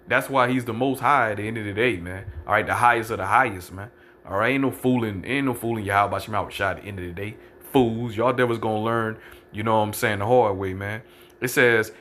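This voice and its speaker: Male preacher, low and forceful, cursing and combative, with slow deliberate scripture reading. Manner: profane, combative, fills every phrase with "man"; reads scripture verses slowly and deliberately. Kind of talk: fiery street-style preaching with scripture reading.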